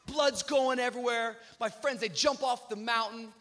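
A man with a very high voice delivers a sermon that drifts into comic storytelling. He acts out the voices of the people in the story, sometimes shouting in mock panic. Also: moderate pace, hardly any pauses. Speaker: pastor.

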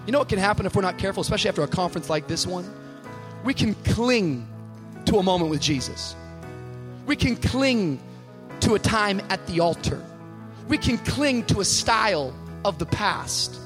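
A man preaches a sermon in a strikingly high voice, shifting from easy, joking asides to loud, climbing declarations. He is heard live in a large hall with a long echo trailing his words. Faint music plays behind him. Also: animated, moderate pace. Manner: builds from conversational to shouted, with jokes and laughs.

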